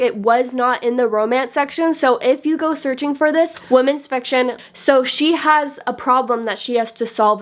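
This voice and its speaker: A woman casually reviewing books to camera, gushing and enthusiastic, chatty with lots of "like". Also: a little high. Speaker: book vlogger.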